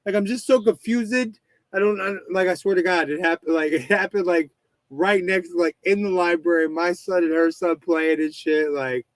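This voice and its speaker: Podcast host, male, thirties: loose, profane storyteller, slightly high voice, dry close mic. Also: steady tone, normal speed, no room sound, rough recording. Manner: rambling, swearing storyteller with many restarts. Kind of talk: casual chat.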